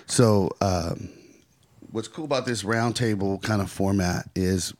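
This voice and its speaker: A man from California leads a casual roundtable. His voice sits low and his manner is relaxed as he asks reflective questions. He is recorded dry and close. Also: measured pace, no room sound. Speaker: podcast host.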